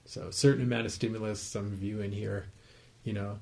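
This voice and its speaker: Gravelly-voiced man giving a meditation talk. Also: fairly low pitch, little pitch movement, brisk. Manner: conversational, gently explaining, asks the listeners to confirm they follow. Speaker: meditation teacher. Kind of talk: dharma talk to a group. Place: his home, small group room.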